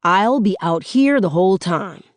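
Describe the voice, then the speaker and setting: A woman voicing a calm, reassuring female lawyer in an audiobook. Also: mid-range voice, moderate pace, dry recording, clean studio sound, close to an everyday voice.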